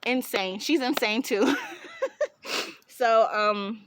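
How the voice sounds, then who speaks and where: Excitable young woman telling a wild story. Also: on the high side, takes it slowly, no echo. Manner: excitable, laughs and shouts mid-story. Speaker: vlogger. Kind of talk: animated storytime.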